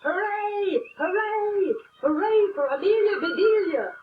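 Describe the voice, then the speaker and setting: A woman voicing a group of eager young boys on a ball team, shouting and cheering. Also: extremely high pitch, slow, recorded from a distance, phone-quality sound, slight background noise, pitched above the performer's own voice. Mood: excited.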